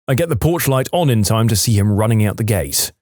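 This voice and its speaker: A man's voice: fairly low pitch, animated, a little fast, darkish tone, no echo, studio quality. A man narrating reader-submitted stories in a dramatic storytelling manner, with wry asides. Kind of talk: scripted narration of reddit stories.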